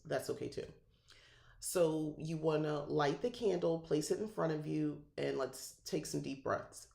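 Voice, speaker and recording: Middle-aged woman talking thru a ritual, gravelly voice, kinda rambly, echoey room. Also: deep voice. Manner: rambling, relaxed, laughs often. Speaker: podcast host and spiritual guide. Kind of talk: casual livestream teaching.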